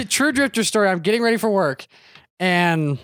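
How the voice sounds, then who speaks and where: Young male podcast co-host, high voice, dry close mic, animated and profane storyteller. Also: moderate pace, dry recording. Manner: animated storyteller, swearing, laughing. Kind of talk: casual podcast chat.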